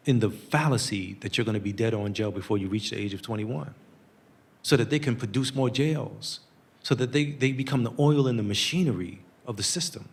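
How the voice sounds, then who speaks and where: An earnest man in his forties from the United States, speaking at a public talk. He tells his story in a steady, conversational way and acts out the quotes in it. His voice sits at a mid pitch. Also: brisk, creaky. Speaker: guest speaker.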